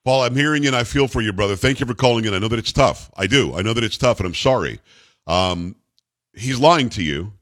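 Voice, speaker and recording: A man's voice: lowish voice, lively intonation, fairly quick, a bit bright. Emphatic male talk radio host. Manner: emphatic, indignant commentary.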